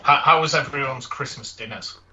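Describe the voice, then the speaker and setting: A man's voice: mid-range voice, brisk, far from the mic, highs cut off, noisy background. A man telling a comic, exasperated holiday story in casual podcast chat. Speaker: podcast co-host.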